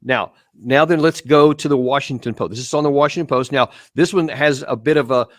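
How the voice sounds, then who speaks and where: A man's voice: medium pitch, brisk, no room sound, studio quality. A man hosting a live show, walking viewers step by step through video clips in an emphatic commentary style.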